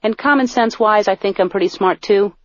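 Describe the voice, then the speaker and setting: Deadpan woman reading her comic audiobook. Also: mid-range voice, fairly quick, no echo. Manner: deadpan, self-mocking comic delivery. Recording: dull, dry studio recording.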